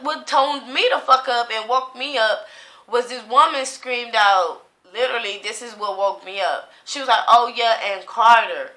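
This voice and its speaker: A woman's voice: medium pitch, sharp tone, reverberant. A woman giving a casual tarot reading, talking in a rambling, profane, stream-of-consciousness way. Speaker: tarot reader.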